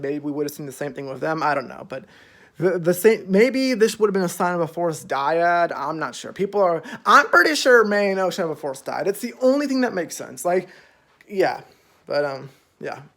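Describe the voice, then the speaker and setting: A man's voice: a little high, a bit bright. A young man casually recapping a show's episodes, rambling with lots of fillers and freely swearing. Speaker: show reviewer.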